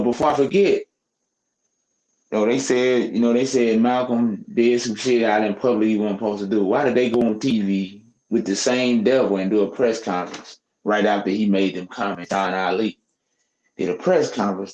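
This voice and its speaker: A man's voice: mid-range voice, a little mellow. Heated, profane man ranting in an echoey room. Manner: heated, profane, preachy rant with rhetorical questions. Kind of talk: opinionated casual commentary.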